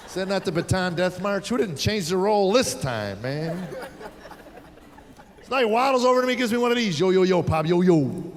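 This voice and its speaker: A man's voice: high voice, expressive, brisk, slight background noise. A middle-aged man from the United States doing a stand-up set, telling exasperated, sardonic stories about raising his kids. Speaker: stand-up comedian. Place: theater stage before a live audience. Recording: live stage recording with hall reverb.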